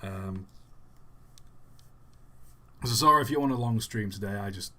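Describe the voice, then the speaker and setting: A man's voice: fairly low pitch, unhurried, pushed and bright. A man hosting a live stream in a casual, chatty way, reading out viewers' messages and answering them offhandedly.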